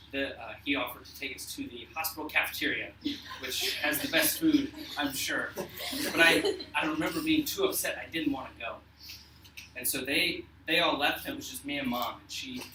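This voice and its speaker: A young man telling a personal story to an audience, earnest and emotional, with halting restarts. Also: fairly high pitch, pushed and bright, echoey room, distant mic, a little hiss or hum, low-quality recording.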